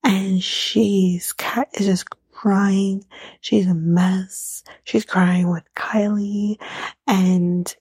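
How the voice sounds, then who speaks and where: A woman hosting a podcast, recapping casually in a blunt, profane, sarcastic way and often dropping to a breathy half-whisper. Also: medium pitch, flat delivery, drawn-out words, darkish tone, dry recording. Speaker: podcast host recapping a reality show. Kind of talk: casual chat.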